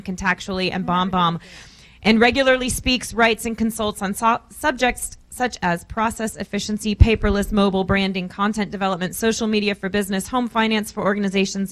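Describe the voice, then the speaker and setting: A woman's voice: medium pitch, a bit bright. A woman from the American South introducing a conference speaker, reading his bio in a playful, teasing way. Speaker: event host introducing the speaker. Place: conference hall.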